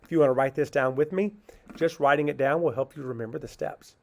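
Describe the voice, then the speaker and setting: A man's voice: medium pitch, creaky, a little mellow. A man teaching a phonics lesson to children, asking a question and answering it himself, then sounding words out syllable by syllable. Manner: slow, patient, asks questions and answers them himself.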